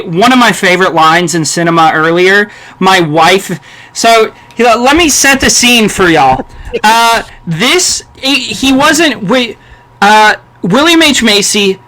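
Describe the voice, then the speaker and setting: Man, high voice, bright tone, podcast co-host, casual movie talk, animated. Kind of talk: casual film discussion.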